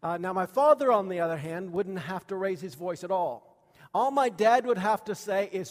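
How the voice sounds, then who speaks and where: A pastor preaches to his congregation in a high-pitched, expressive voice at a moderate pace, with the sound of a big room around him. He shares childhood stories folksily, using many fillers and putting questions to the room.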